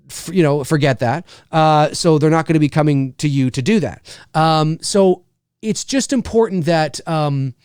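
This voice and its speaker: A man's voice: on the high side, a little mellow, no room sound, studio quality. A man hosting his own show as a voice actor, talking in a rambling, candid way and often restarting his sentences. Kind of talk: casual livestream talk.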